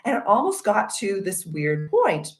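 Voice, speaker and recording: A young woman with a Boston accent hosting a casual astrology chat, rambling and animated as she tells stories and answers viewers. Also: medium pitch, a little slow. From Massachusetts. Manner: rambling, animated storytelling with loud acted outbursts. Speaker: livestream host reading chat.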